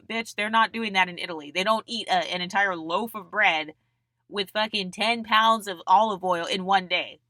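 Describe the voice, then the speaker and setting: A young woman with a bright, forceful voice delivers a blunt, mocking monologue straight to the camera. She swears freely and talks in a dry, close sound with no room echo. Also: medium pitch, normal speed. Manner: blunt, mocking and profane, mimics people in put-on voices. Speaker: channel host.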